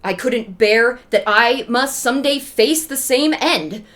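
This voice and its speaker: A woman voicing a furious, grief-stricken legendary king, with loud shouted threats and a mournful lament. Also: on the high side, a little slow. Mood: grieving. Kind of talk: casual storytelling with acted quotes.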